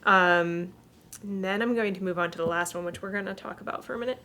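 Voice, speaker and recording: A woman's voice: medium pitch, fast, pushed and bright. A woman co-hosting a podcast, chatting casually and emotionally about a movie she watched, laughing often and getting worked up. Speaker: podcast co-host. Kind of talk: casual movie review chat.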